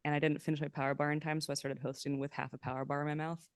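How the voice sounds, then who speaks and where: Young female improviser, podcast guest. Smooth, clear tone, self-deprecating, lively impressions in stories. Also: deep voice, racing, no echo. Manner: chatty, self-mocking, animated quotes. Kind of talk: casual chat.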